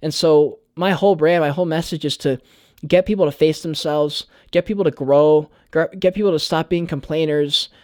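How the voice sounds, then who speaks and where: An earnest young man talks to his viewers in a loose vlog monologue. He leans on "like" and casual swearing. His voice sits a little high and sounds close and dry. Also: fairly even intonation, moderate pace, a little mellow, no room sound. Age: young adult. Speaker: YouTuber.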